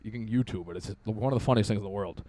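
A man's voice: lowish voice, racing, warm tone, a little hiss or hum. A young man hosting a casual podcast, joking crudely in a laid-back way. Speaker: podcast host.

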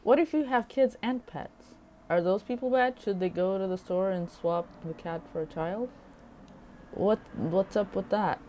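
A woman's voice: mid-range voice, mellow, slight background noise, rough recording. A woman co-hosting a casual chat podcast, teasing the others, riffing on their remarks and often cutting in. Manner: teasing, quick to interrupt and riff. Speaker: podcast co-host.

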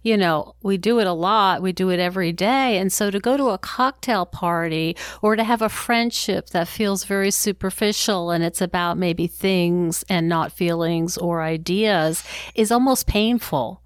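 A woman's voice: fairly low pitch, moderate pace, smooth, no room sound, studio quality. A woman hosting an interview podcast, speaking in a reflective, earnest way. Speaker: podcast host.

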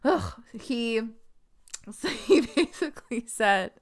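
Woman podcast co-host, Valley Girl accent, higher voice, gossipy storyteller. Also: big pitch swings, takes it slowly. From Mississippi. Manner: gossipy, quoting others in a storytelling tone. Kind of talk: casual chat.

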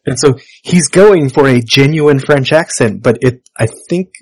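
A man's voice: medium pitch, measured pace, a little mellow, dry recording, poor audio. A man hosting a podcast in casual chat, wryly reading out his notes. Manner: wry, reads out screening notes. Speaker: podcast host.

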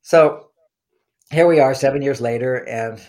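A man speaking as an interview guest in an animated, storytelling way. He has a mid-range voice and teaches through personal anecdotes, slipping into remembered conversations and voicing them. He often stumbles and repeats his opening words before a sentence gets going. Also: medium pitch, a little slow. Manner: animated storyteller who acts out quoted dialogue. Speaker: relationship author and podcast guest.

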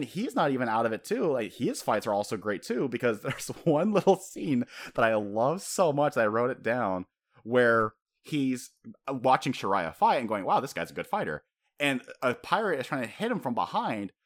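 Animated man who laughs often. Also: medium pitch, normal speed. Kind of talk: casual chat.

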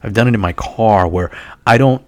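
Animated New York man telling stories. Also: on the low side, normal speed, dry recording. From New York City area. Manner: animated storyteller, swears and laughs often. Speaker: guest. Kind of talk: casual chat.

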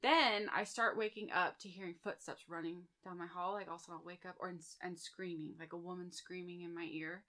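A woman's voice: fairly low pitch, fairly even intonation, fairly quick, few pauses, bright, forceful tone. A woman in her thirties chatting casually with friends, telling personal stories full of fillers and "like". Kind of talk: casual storytelling chat.

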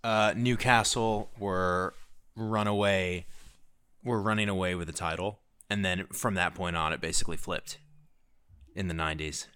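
A relaxed male podcast host with a fairly low voice, talking in a loose, rambling way as he quizzes his co-host. The sound is dry and close, with little room echo. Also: normal speed, smooth. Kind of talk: casual podcast chat.

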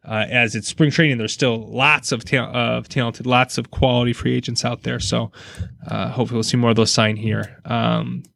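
A man's voice: mid-range voice, flat delivery, moderate pace, creaky, a bit bright, dry recording. A man, co-hosting a casual sports podcast, chatty and rambling, laughing often. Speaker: podcast co-host.

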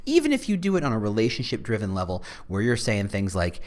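Lively, rambling male podcast host. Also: lowish voice, fast, few pauses. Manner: rambling, self-interrupting, with asides. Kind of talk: casual podcast monologue.

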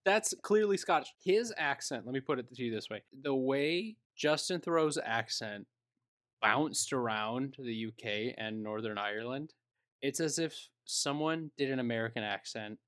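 Male co-host, loud swearing ranter, bright tone, dry close recording. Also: medium pitch, animated, normal speed, dry recording. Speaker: podcast co-host. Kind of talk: casual chat.

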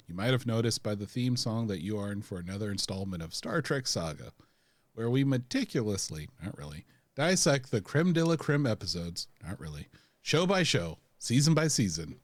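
A man's voice: on the low side, sing-song, moderate pace, no echo. Man, podcast co-host, playful mock-grand delivery, very dry close sound. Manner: playful, mock-lofty wording. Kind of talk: casual chat and mock-grand show intro.

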